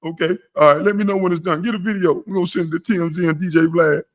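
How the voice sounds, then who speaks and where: A man putting on a shrill, whimpering crybaby on the phone. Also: steady tone, racing, natural voice. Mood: sobbing. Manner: high-pitched, pleading, sobbing. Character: whiny grown man crying on the phone.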